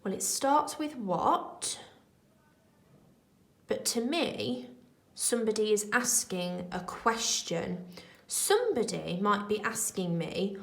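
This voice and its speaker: Woman teacher, slow and clear, encouraging young children, echoey classroom. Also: mid-range voice, sing-song. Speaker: primary school teacher. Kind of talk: recorded remote lesson.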